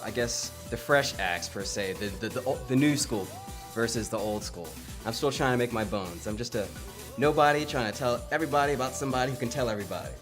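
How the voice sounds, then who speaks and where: A young American singer jokes his way through a promo interview with playful one-liners. His pitch is mid-range, and faint music hums underneath. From United States. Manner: wisecracking, playful. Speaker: singer and performer.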